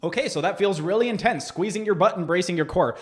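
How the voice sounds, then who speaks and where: High voiced fitness coach guy roasting a workout machine, sarcastic and lecture-y. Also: quick pace, a little hiss or hum. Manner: sarcastic, lecturing, explaining definitions. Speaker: holistic health coach. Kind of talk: critical video review commentary.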